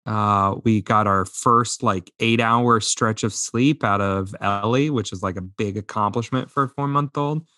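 Chatty man telling lively stories. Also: lowish voice, unhurried, hardly any pauses, no echo, studio quality. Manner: animated storyteller, acts out voices, laughs often. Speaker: podcast co-host. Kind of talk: casual chat.

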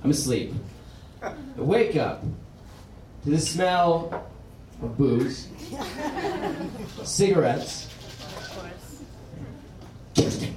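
A man doing stand-up, telling a story in animated bursts that drop to quiet menace and rise to shouted punchlines. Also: on the high side, extremely slow, pauses often, a crowd in the background. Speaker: stand-up comedian. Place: comedy club stage with audience laughing. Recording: roomy live club recording from far off.

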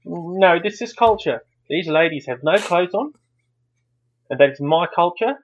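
A man's voice: a little high, expressive, unhurried, lo-fi sound. A man playing a crude, blustering father who stammers and repeats himself in a comedy sketch. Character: crude blustering middle-aged dad.

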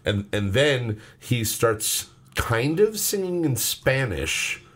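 A man's voice: medium pitch, sing-song, takes it slowly. Rambling, profane podcast host man. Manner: loose, rambling and profane, with many restarts. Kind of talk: casual podcast chat.

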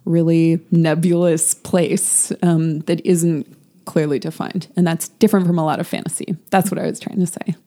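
A woman's voice: on the low side, steady tone, normal speed, dark tone. A woman co-hosting a podcast, chatting casually about a novel with many "um"s and "like"s. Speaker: podcast co-host. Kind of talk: casual book discussion.

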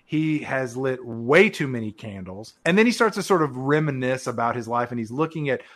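A man's voice: mid-range voice, lively intonation, brisk, fairly bright tone. A man co-hosting a casual movie-review podcast, recapping the plot with wry, sarcastic, crude humor. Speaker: podcast co-host.

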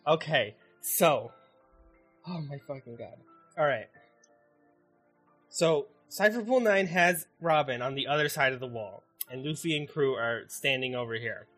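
A man hosting a casual podcast, recapping an anime in an animated, excitable way and swearing constantly. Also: medium pitch, a little slow, faint music behind. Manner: animated, heavily profane, excitable. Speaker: podcast host.

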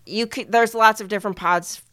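Woman podcast co-host, casual and relaxed, clear voice. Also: mid-range voice, fairly quick, no room sound, studio quality. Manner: relaxed, thanks listeners, hesitant fillers.

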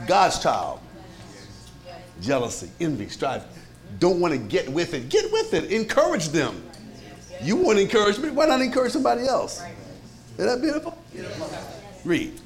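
A pastor preaching to his congregation in a lively, conversational way, with many rhetorical questions and frequent chuckles. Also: fairly high pitch. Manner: chuckles often. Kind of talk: sermon.

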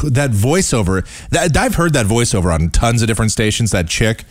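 A man hosting his own podcast, giving a scornful, animated rant about the broadcasting industry. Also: mid-range voice, brisk, hardly any pauses, dry recording, clean studio sound. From United States. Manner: scornful, animated, mocks voices he dislikes. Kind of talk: ranting commentary.

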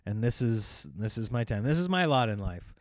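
A man's voice: mid-range voice, big pitch swings, normal speed, no echo. Coughing man rambling on his podcast. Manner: rambling, self-deprecating, jokey asides. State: sick with a cough, voice strained. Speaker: podcast host and touring comedian. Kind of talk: casual solo podcast monologue.

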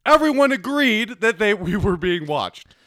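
A man's voice: sits high, big pitch swings, measured pace, sharp tone, no room sound, studio quality. A man co-hosting a podcast in casual chat, blunt and exasperated, swearing often. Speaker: podcast co-host.

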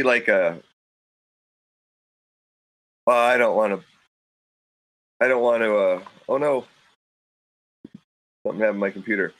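The audio is poor but echo-free as this podcast guest, sharp-toned and mid-range, narrates his hunting story in a relaxed conversation. He gets loud when voicing quoted thoughts into the studio mic.

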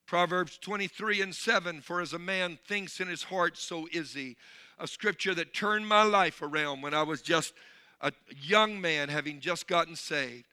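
A male pastor preaching a sermon, swinging from low, intimate talk to shouted calls and calling out to the congregation for responses. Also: moderate pace, smooth.

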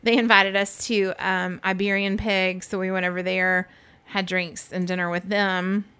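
A woman's voice: medium pitch, a little slow, smooth. A woman co-hosting a podcast in a casual chat, telling stories and acting out the people in them. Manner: animated, acts out the voices in her stories, laughs a lot. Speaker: podcast co-host.

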